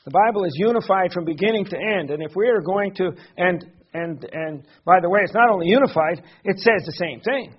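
Husky high-voiced man preaching. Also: a little fast, hardly any pauses, highs cut off. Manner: earnest teaching with frequent fillers and repeated words. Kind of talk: sermon.

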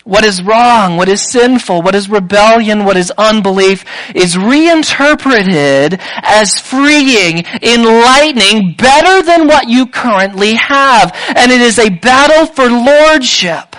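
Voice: medium pitch, animated, takes it slowly, few pauses, a bit bright, poor audio. A preacher giving a sermon in an emphatic way, with rhetorical questions and repeated lists.

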